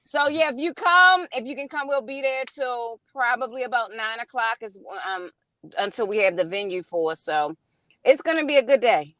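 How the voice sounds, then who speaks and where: A woman's voice: a little high, moderate pace, a bit bright, dry recording. Upbeat Baltimore woman calling in from her car. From Baltimore, Maryland. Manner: upbeat, laughing, many "um"s. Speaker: singer calling in. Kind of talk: casual call-in chat. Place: in a car, driving.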